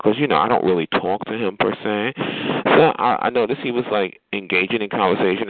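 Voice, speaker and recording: Sassy man, teasing chat-line talk, swooping pitch, tinny phone sound. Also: a little hiss or hum. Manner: sassy, drawn-out teasing with frequent "honey" and "child". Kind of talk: casual chat roast.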